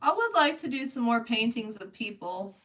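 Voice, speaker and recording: A woman's voice: fairly high pitch, sing-song, normal speed, fairly bright tone. A woman chatting casually with her viewers while she paints on a live stream, answering them by name and laughing often. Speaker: livestreaming artist. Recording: voice a bit distant from the mic.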